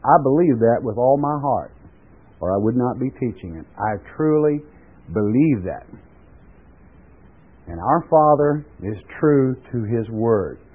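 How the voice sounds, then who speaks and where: A man's voice: medium pitch, lively intonation, measured pace, pauses often, breathy edge. An older man delivers a folksy sermon, shifting easily from homespun stories into scripture. He chuckles now and then as he talks. The recording is a narrow, tinny radio broadcast. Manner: folksy storytelling, chuckles often. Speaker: preacher.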